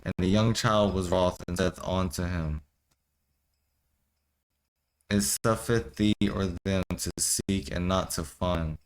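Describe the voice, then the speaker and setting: This low, steady, clean-toned male voice belongs to a young man working his way haltingly through an old scripture. He stumbles on the archaic phrasing, then riffs in loose, profane slang, all captured on a low-quality recording.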